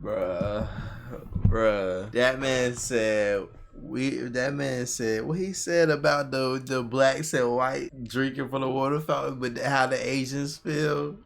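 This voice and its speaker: A man's voice: mid-range voice, steady tone, slow, vocal fry, soft background music. A man reacting casually to a comedy special, sounding amazed and repeating slang interjections. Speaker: reaction video host. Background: comedy special audio playing.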